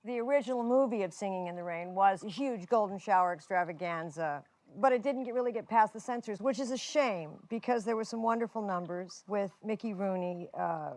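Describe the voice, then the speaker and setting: A woman's voice: mid-range voice, fairly quick, darkish tone, no room sound. A woman comedian telling an absurd story in a wry, offhand way. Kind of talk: deadpan comic storytelling.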